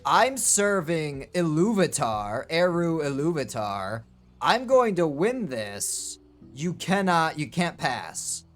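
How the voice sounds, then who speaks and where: A man's voice: fairly high pitch, sing-song, slow. A man voicing a defiant male wizard who boasts and swears at his foe in a casual way.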